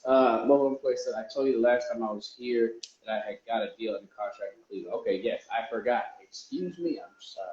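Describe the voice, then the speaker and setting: A man talks casually to his followers in a loose, rambling way, often restarting his sentences. His voice sits at an ordinary middle pitch. The sound is roomy and echoey, and a bit dull and lo-fi. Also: fast, hardly any pauses, darkish tone. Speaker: real estate investor. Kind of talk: casual vlog talk to viewers. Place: indoors, a warm room.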